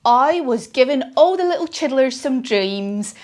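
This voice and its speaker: A woman voicing a big, kind male giant who speaks gently with muddled grammar in a children's story. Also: high-pitched, animated, a little slow. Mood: gentle.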